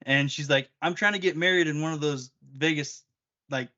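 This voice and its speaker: Bright-voiced man telling a lively story. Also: a little high, normal speed. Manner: animated storyteller acting out quotes. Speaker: podcast co-host. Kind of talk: casual chat. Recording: dull lo-fi recording.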